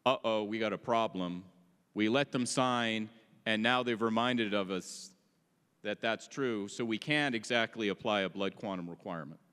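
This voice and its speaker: A man with a smooth, resonant voice presents an informal history talk at a meeting, breaking things down with offhand jokes. His voice rings with the long reverb of a large hall. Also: lowish voice, normal speed, a bit bright. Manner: casual, joking asides. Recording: echoey hall.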